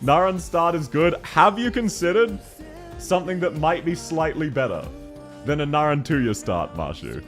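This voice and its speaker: A young man chats through a live game stream, joking and reading his chat aloud. His voice sits fairly high and swings widely in pitch. Soft game music plays underneath. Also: moderate pace. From Australia. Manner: animated, jokey, reads chat aloud and laughs often. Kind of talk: casual live-stream chat while gaming.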